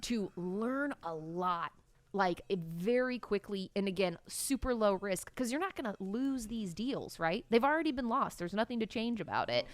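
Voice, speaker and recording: A woman's voice: mid-range voice, lively intonation, normal speed, no room sound. A woman co-hosting a sales podcast, chatting casually in an upbeat, playful way. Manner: upbeat, playful, laughs often. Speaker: podcast co-host, marketing director.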